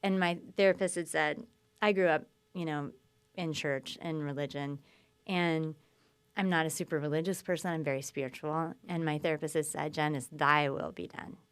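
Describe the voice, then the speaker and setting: A woman guest telling her story in conversation, lively and acting out quoted speech. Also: sits low, moderate pace, clear, resonant tone. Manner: animated, acts out quoted speech.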